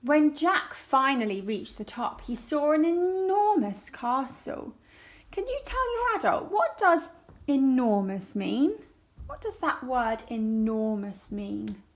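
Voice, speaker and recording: Teacher reading a story to young children, slow and clear, raised pitch. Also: female voice, very animated. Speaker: primary school teacher. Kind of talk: reading a story aloud for a lesson.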